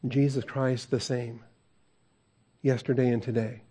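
Male pastor, sermon, mellow warm tone, chatty, chuckles, asks questions. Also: medium pitch, little pitch movement, a little slow, slightly rough. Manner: conversational, chuckles often, asks the congregation questions.

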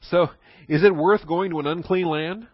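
Speaking at a measured pace with fairly even intonation, a man with a higher voice delivers an informal Bible study sermon sprinkled with humor and small laughs. The recording is lo-fi and echo-free.

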